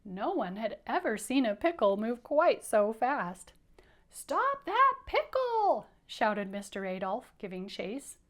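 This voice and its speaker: A teacher reads aloud to a group of kids, playfully coaxing them to say lines after her. Her medium-pitched voice moves a little slowly, with few pauses.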